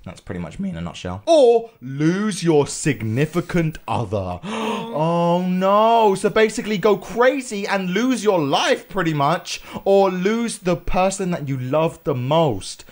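A young-sounding British man reacting to quiz questions in a loose, chatty way. His voice sits slightly high and swoops through a very wide range. He jumps from mumbled asides to squealing outrage. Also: very animated, unhurried, few pauses. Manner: chatty, keeps tagging "okay?", bursts into squealing outrage. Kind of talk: casual reaction commentary.

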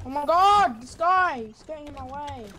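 Girl teammate on voice chat yelling callouts, kinda high voice, heavy noise on her line. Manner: excited quick callouts. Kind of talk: gaming voice chat.

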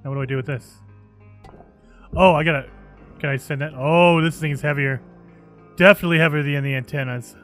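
A man hosting a gaming channel, giving excitable let's play commentary and thinking aloud as he plays. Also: fairly high pitch, fairly quick, long pauses, soft background music.

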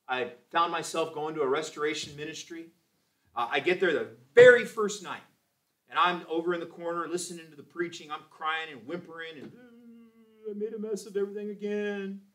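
A man's voice: on the high side, normal speed, a bit bright, recorded from a distance. A man in his forties teaching a church Sunday school class, exhorting and telling testimony stories. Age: 40s. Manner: emphatic, exhorting, with testimony asides.

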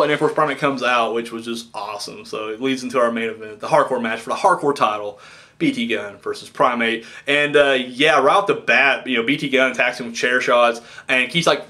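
A young man giving a rambling, excitable review of a wrestling show, swearing freely and correcting himself as he goes. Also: medium pitch, brisk. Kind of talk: casual spoken review.

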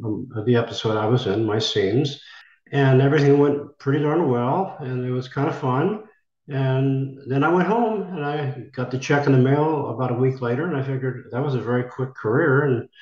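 A man's voice: medium pitch, darkish tone. An older American man, an actor being interviewed, telling a rambling story and acting out the voices of people he quotes. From United States. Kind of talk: conversational storytelling. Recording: roomy, dull lo-fi sound.

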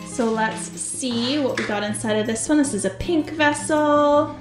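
A woman hosting a toy unboxing video, gushing with excitement and talking straight to her viewers. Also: high-pitched, unhurried. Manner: gushing, excitable, talks to viewers as "you guys". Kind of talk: casual unboxing commentary. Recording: echoey room with faint music.

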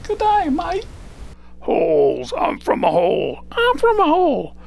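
A man voicing a silly Australian man from a hole, with a badly put-on Australian accent in a very high squeaky voice. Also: wildly swooping pitch, a little slow, gravelly, a little mellow, a little hiss or hum, exaggerated voice. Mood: goofy.

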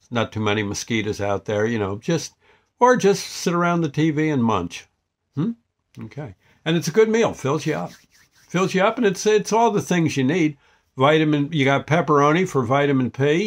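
An older man chats casually about a frozen pizza, his voice sitting at an ordinary middle pitch. He rambles in a folksy, down-home way, stopping and restarting his sentences often. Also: vocal fry. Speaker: vlogger. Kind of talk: casual product review.

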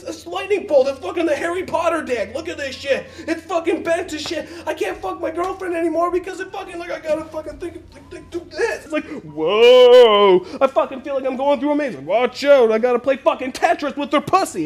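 An actor playing a crude young man who rambles through a profane story in a doctor's office, excitable and breaking into shouts. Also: extremely high pitch, far from the mic. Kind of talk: comedy sketch acting.

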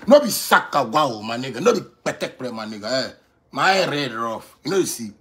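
A man in his thirties speaking Ghanaian Pidgin English in a boastful, swaggering off-the-cuff rant. He repeats phrases for emphasis and swings from quiet to loud. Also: fairly high pitch, sing-song, quick pace. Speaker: musician addressing critics.

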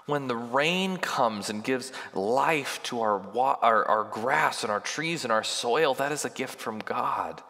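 A man's voice: medium pitch, big-room sound. A male pastor giving a sermon in a church, talking conversationally and pressing hard on key points. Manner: conversational and emphatic, building to forceful peaks. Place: church sanctuary.

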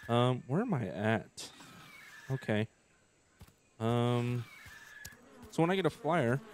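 Slow, low-voiced man thinking aloud. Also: a little hiss or hum. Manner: unhurried, thinking aloud with many hesitations. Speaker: gameplay commentator. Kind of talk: casual let's-play commentary.

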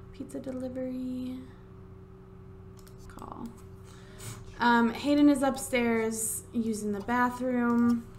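A fairly high-voiced woman doing let's-play commentary into a desk microphone, exasperated and chatty, telling the game characters off. A faint hiss sits behind her voice. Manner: exasperated, talking to the game characters, many drawn-out wows. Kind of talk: casual gameplay commentary. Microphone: desk USB microphone.

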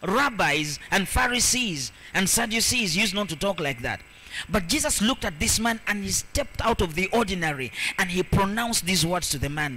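A man preaching a sermon as pastor, reading scripture aloud and swinging between loud, emphatic declarations and soft asides. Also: sits high, very animated, normal speed, slight background noise, rough recording. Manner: reads scripture aloud and repeats verses for emphasis.

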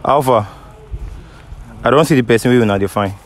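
A man's voice: mid-range voice, a little fast, poor audio. A Nigerian man hosting a prank video, talking in Pidgin English and pleading in apology over and over. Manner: pleading, apologetic, repeating himself.

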